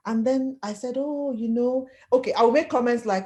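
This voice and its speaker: Speaking at a normal speed with a fairly high pitch, a middle-aged woman recounts her own experiences in an interview conversation. Her storytelling is expressive, full of laughter and impersonations of the people she quotes.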